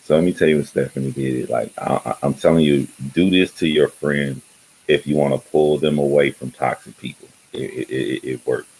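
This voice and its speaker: A man's voice: a bass voice, fairly even intonation, moderate pace, vocal fry, a little mellow, slight background noise, low-quality recording. A man hosting his own channel, talking loosely and rambling in casual livestream chat, often laughing. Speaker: YouTube channel host.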